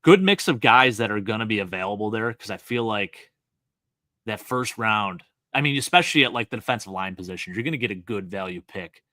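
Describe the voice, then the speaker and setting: A man from Western New York with a Buffalo accent, co-hosting a casual sports chat with eager, quick analysis. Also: fairly low pitch, animated, pushed and bright, no echo, clean studio sound. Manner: enthusiastic, quick analytical talk with fillers. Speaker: co-host.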